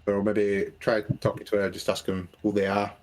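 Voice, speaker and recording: A man's voice: on the low side, little pitch movement, normal speed, darkish tone. A man playing a tabletop game, asking questions casually. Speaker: player.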